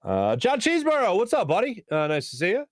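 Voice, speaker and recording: A sports talk host in his thirties, chatting with his viewers and laughing at their comments. His voice sits a bit high for a man. It is recorded dry and close, with no room echo. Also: huge pitch swings, brisk. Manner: chatty, jokey, laughs often. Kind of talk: casual live-stream chat reading viewer comments.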